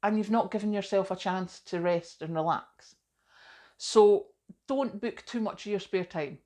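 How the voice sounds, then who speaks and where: A woman's voice: mid-range voice, a little slow, warm tone. A middle-aged woman, chatting casually to camera as a vlogger, self-deprecating and full of asides.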